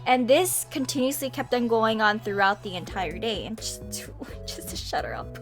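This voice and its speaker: A young adult woman telling a story in casual vlog style into a webcam mic, chatty and animated, with frequent laughs and sighs. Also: medium pitch, moderate pace, faint music behind. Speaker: vlogger. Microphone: webcam microphone.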